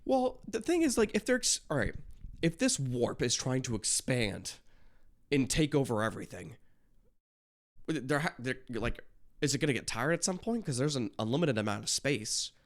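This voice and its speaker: A man's voice: mid-range voice, sing-song, moderate pace. Rambling, swearing male reaction host. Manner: rambling, swears often, frequent fillers. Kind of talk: casual reaction commentary.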